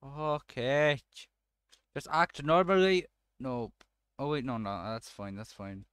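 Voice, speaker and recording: A man's voice: mid-range voice, slow, a bit bright, smooth, no room sound. A man doing let's-play commentary, swearing and breaking into frustrated outbursts at the game.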